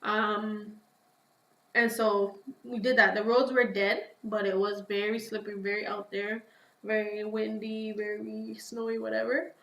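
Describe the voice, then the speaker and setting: A woman talks through a personal story in a casual, lively way. She acts out her own past lines and fills her speech with "like" and "yo". Her voice sits at an ordinary pitch and rings around a roomy, echoey space. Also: unhurried. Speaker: podcast guest.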